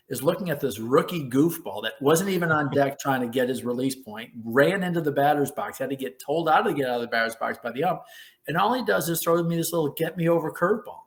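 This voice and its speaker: Animated middle-aged man telling a story. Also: mid-range voice. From United States. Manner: animated storyteller who acts out quotes in a raised voice. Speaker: former baseball player, guest. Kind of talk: storytelling in a podcast interview.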